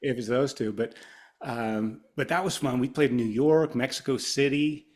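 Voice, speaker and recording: A man's voice: medium pitch, moderate pace. A middle-aged man from Ohio, a guitarist being interviewed, telling long rambling stories in casual chat and acting out the people he quotes. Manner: rambling, animated, acts out quoted voices. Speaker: guest guitarist.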